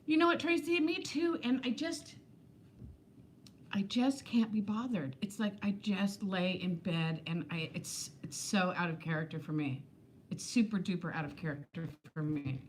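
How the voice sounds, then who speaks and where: A woman's voice: mid-range voice, normal speed. Fifties lady live streaming from home, chatty, lots of laughs, faint hiss behind her. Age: 50s. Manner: chatty, laughs often, reads viewer comments aloud. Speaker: vlog host reading live chat. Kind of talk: casual live-stream chat. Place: home, indoors.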